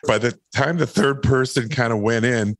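A man, an actor and podcast guest, telling a long personal story in a lively, rambling way. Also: mid-range voice, moderate pace, no room sound. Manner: animated, rambling anecdotes. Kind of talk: casual storytelling.

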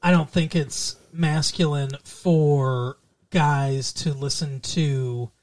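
A man's voice: on the high side, steady tone, slow pace, a little mellow. A man co-hosting a podcast in casual chat about a TV show, rambling and often trailing off and restarting mid-thought. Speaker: podcast co-host.

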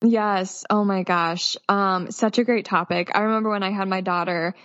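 A woman's voice: medium pitch, steady tone, moderate pace, fairly bright tone, no echo. A woman in her thirties speaks as a nurse, explaining things plainly and reassuringly. The recording is dry and a little muffled, with no room sound. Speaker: postpartum nurse guest. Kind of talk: explanatory advice in interview.

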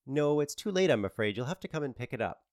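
A man's voice: mid-range voice, very animated, fast, a little mellow, no echo, studio quality, pitched above the performer's own voice, natural voice. A man voicing a sweet, polite teenage girl answering the phone at a bakery, in an audiobook. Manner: polite and helpful.

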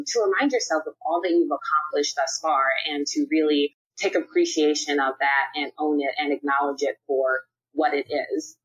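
A woman's voice: deep voice, slightly rough, dull audio. A young adult woman, a guest on a podcast, talking in an upbeat, candid and casual way with some slang. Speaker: podcast guest, nonprofit PR professional. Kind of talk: podcast interview.

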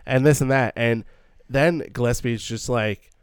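A man's voice: medium pitch, unhurried, clean tone, dry recording, studio quality. A man co-hosting a casual film discussion, earnest and thinking aloud with many stumbling restarts. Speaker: podcast co-host.

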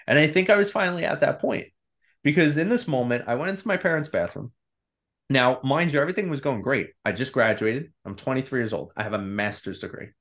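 A man in his thirties, a podcast guest, telling a personal story in a candid, animated way and acting out his own inner voice. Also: medium pitch, fairly quick. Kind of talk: casual storytelling.

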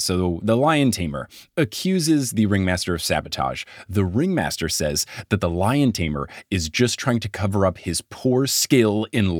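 A man hosting a comedy podcast, telling a mystery story in a casual, animated way and laughing often. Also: low-pitched, dry recording, clean studio sound. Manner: animated, laughs often, puts on silly voices. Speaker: podcast host.

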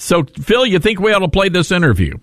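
A man's voice: sits high, big pitch swings, fairly quick. A man hosting a political talk radio show, indignant and joking with callers and his studio crew. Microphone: studio microphone.

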